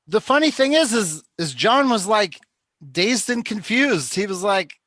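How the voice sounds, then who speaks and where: High-voiced chatty man hosting a show. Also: lively intonation, a little slow, a bit bright, no echo. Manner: chatty, rambling storyteller. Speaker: host of a call-in show. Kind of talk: casual chat.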